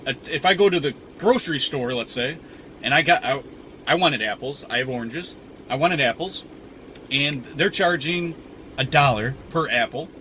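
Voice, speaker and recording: A man's voice: medium pitch, normal speed, bright, forceful tone, rough recording. A man ranting casually while he drives, rambling and profane, often repeating himself. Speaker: vlogger. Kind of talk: casual rant while driving. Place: inside a car on the road. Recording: road noise inside a moving car.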